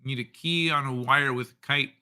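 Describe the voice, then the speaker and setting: A man hosting a casual livestream, reading viewer comments aloud in an unhurried, joking way and chuckling often. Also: mid-range voice, fairly even intonation, pushed and bright. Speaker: livestream host.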